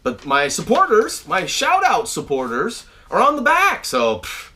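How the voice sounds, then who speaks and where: A man in his thirties talks casually to his viewers from his house, stumbling over restarts and filler words. His voice sits a little high for a man and swings widely in pitch. The tone is bright and forceful. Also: unhurried. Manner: animated and chatty, many fillers and restarts, shouts out names. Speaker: channel host. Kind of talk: casual video update to viewers. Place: at home, indoors.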